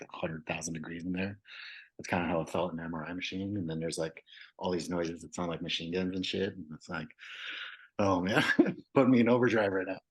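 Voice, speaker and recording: Very deep husky man. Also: low-quality recording. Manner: candid, loose, swears, many fillers. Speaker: podcast guest, veteran. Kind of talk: casual storytelling.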